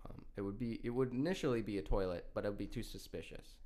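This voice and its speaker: A man's voice: on the low side, quick pace, mellow. A young man co-hosting a podcast, telling a story in casual chat, laughing and swearing often, with many restarts. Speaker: podcast co-host.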